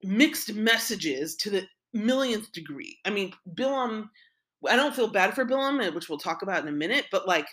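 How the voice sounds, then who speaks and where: A woman teaches a Torah lesson in a chatty, conversational way. Her voice is bright and forceful, and she keeps tossing in "right?" and "like" as she retells the story. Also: mid-range voice, animated, moderate pace. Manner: conversational, frequent "right?" and "like" asides.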